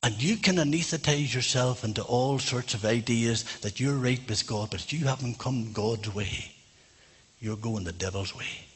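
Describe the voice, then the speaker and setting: A man's voice: mid-range voice, moderate pace, slightly rough. A man preaching a sermon in a church, fervent and emphatic.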